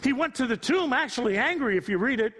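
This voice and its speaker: Impassioned high-voiced older preacher, echoing sanctuary. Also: male voice, lively intonation, fast talker. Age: 60s. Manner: preaches off the cuff, building from quiet storytelling to impassioned rising appeals. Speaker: pastor. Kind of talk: sermon.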